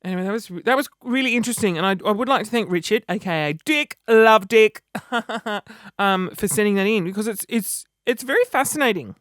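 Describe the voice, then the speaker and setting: Aussie guy in his 30s rambling on his vlog, kinda high voice, dry close sound, jokey and self-mocking. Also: brisk, a bit bright, no echo. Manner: chatty, self-mocking, dramatic. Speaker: vlogger. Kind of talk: casual chat to camera.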